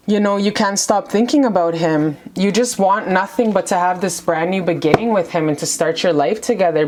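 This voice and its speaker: Gushing woman tarot reader, slightly low-pitched, rambles warmly straight to camera. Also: slight background noise. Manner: gushing, rambling and affectionate, calling the viewer baby. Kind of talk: casual tarot reading to camera. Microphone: camera mic.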